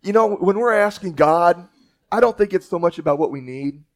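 Folksy preacher man with a higher voice. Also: animated, normal speed. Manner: folksy storytelling preacher with restarts. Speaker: pastor. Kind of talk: sermon.

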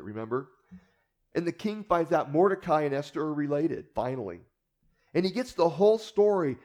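A male preacher with a somewhat high but mellow, warm voice. He teaches in a relaxed storytelling way and keeps turning to the listeners with rhetorical asides. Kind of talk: conversational Bible teaching.

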